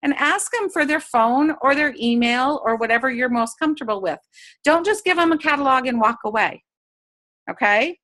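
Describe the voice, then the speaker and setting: Bright, high-voiced woman coaching sellers. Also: animated, moderate pace. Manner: upbeat, coaching, acts out sample chats. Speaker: sales trainer. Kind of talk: training talk to direct sellers. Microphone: video call.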